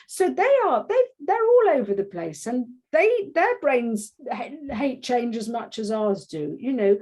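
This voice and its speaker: Animated, fairly high-voiced woman coach. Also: unhurried, few pauses, slightly rough. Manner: animated, acts out quotes in voices; frequent restarts and filler phrases. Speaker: parenting and teen coach. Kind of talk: casual interview chat.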